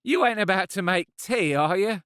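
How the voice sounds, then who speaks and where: A man's voice: sits high, expressive, moderate pace, fairly bright tone, smooth, no room sound, clean studio sound, pitched above the performer's own voice. A male narrator voicing an exhausted, frightened young man with blunt, colloquial speech in an audiobook. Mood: alarmed. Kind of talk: audiobook character voice.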